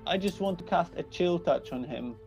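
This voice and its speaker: A man taking his turn as a player in a tabletop game, sounding unsure and checking details with questions. His voice is a touch higher than most men's and has a strong gravelly fry, with faint music behind him. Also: lively intonation, normal speed. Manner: tentative, asks questions.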